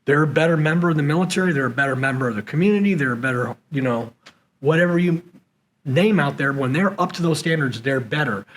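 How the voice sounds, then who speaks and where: A man, a former SEAL leader and podcast guest, telling leadership stories in an animated way and acting out the dialogue. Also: on the high side, fast talker, rough recording. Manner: animated storyteller who acts out quoted dialogue. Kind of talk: conversational interview storytelling. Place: conference venue.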